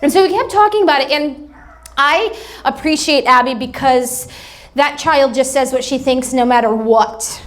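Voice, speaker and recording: A woman's voice: sits high, moderate pace. A woman pastor giving a sermon, telling humorous family stories in a chatty way. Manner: chatty, humorous anecdotes with acted-out quotes. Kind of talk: sermon storytelling.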